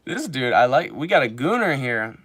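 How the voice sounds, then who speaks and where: Bright-voiced man in his twenties. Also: medium pitch, husky, dry recording. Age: 20s. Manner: rambling, filler-heavy storytelling. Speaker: streamer. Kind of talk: casual chat reading live comments. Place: home in Japan.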